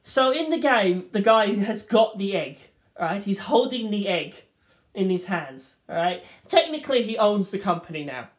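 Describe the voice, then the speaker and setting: A woman's voice: medium pitch, lively intonation, measured pace. A woman reviewing a film in a rambling, casual monologue, swearing freely and acting out the scenes.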